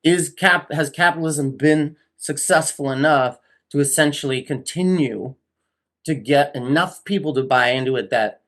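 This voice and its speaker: A man's voice: a little high, moderate pace, a bit bright. A man co-hosting a podcast, thinking aloud in a casual political discussion, stringing loose clauses together and ending with questions.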